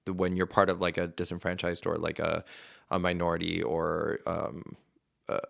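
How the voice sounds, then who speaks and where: A man's voice: deep voice, level tone, moderate pace, creaky, a bit bright, dry recording, studio quality. A young adult man from Venezuela, a guest talking casually in an interview, rambling with lots of fillers. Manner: chatty, rambling storyteller with many fillers. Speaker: actor and podcast guest.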